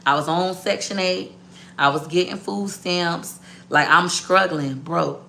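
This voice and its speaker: A woman business owner telling a story to her viewers in a blunt, profane, animated way. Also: fairly low pitch, a little slow, gravelly, a little hiss or hum.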